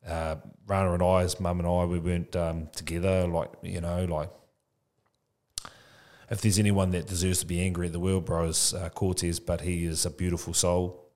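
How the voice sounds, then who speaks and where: A man of about forty with a low, deep voice speaks as a podcast guest. He talks loosely and frankly, dropping "bro" into nearly every thought. His delivery is reflective and open. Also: level tone, moderate pace, darkish tone. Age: 40s. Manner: casual, says "bro" often, frank and reflective. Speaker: podcast guest, childcare business founder. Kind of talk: candid conversational interview.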